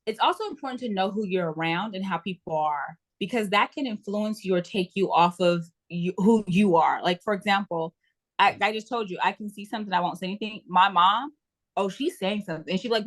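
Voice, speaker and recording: A woman guest in a casual interview who tells lively stories about self-care and acts out her own inner dialogue. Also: medium pitch, brisk.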